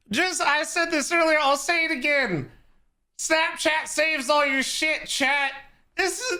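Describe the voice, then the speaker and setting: A man's voice: extremely high pitch, pushed and bright. A man hosting a stream, ranting in a heated, incredulous way and swearing a lot. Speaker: streamer host. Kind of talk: casual profane rant.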